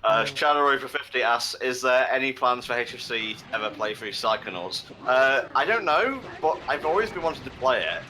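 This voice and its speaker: A man's voice: mid-range voice, expressive, brisk, hardly any pauses, bright, forceful tone, poor audio. A man hosting a charity gaming stream, joking and swearing while reading out donations. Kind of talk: casual gaming commentary.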